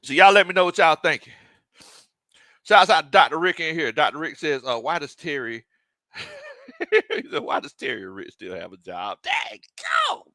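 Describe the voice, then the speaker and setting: Man, sports stream host, casual chat, swinging pitch, dry close sound. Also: normal speed, pauses often, no echo. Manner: animated, laughs often, reads viewer comments aloud.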